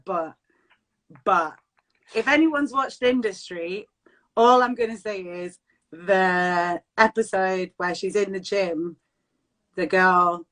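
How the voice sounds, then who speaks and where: Bright, giggly woman on a video call. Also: lowish voice, rough recording. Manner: giggly, rambling, self-correcting. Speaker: vocalist and broadcaster, interview guest. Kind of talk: casual live-stream chat.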